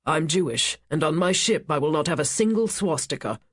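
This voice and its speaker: A woman voicing a commanding, wealthy male ship owner who speaks in a measured, authoritative and evasive way. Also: deep voice, animated, husky, dry recording, clean studio sound, heavily acted.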